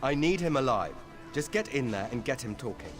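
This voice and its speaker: A man voicing a brisk city guard officer who gives orders curtly. His voice is mid-pitched and even. Game music plays clearly under him. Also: natural voice. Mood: commanding. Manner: curt, commanding. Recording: game audio with music behind.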